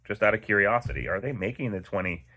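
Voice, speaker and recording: Low-pitched male host, laid-back storytelling, rambling delivery. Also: fast, sharp tone. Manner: rambling and conversational, with many fillers. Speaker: knife channel host. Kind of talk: casual storytelling while cleaning a knife.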